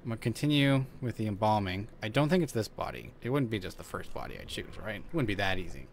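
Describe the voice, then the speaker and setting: A man streaming a horror game, talking to himself, swearing and yelling at the game as he plays. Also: on the low side, big pitch swings, fast, creaky, a little hiss or hum. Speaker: gaming streamer. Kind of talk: let's play commentary.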